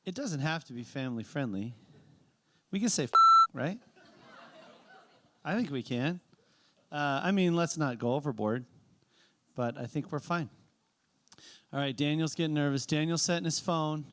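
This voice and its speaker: Relaxed man hosting an open mic. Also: on the high side, moderate pace, long pauses. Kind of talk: live event hosting.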